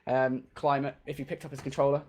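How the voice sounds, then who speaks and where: Chatty English esports caster. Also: male voice, medium pitch, flat delivery, fast talker, a little mellow, a little hiss or hum. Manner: chatty, laughs often, rambling asides. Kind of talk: live match commentary.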